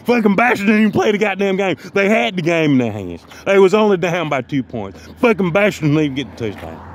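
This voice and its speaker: A man's voice: sits high, sing-song, quick pace, slight background noise. A man delivering a profane, mock-motivational comic rant that loops back on the same phrases. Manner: mock-motivational, repeats phrases, heavy cursing.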